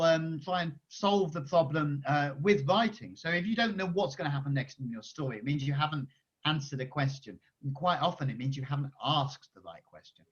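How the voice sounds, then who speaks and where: A male children's author answering schoolchildren's questions on a video call, chatty and energetic with many restarts. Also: a little high. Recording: dull lo-fi video call audio.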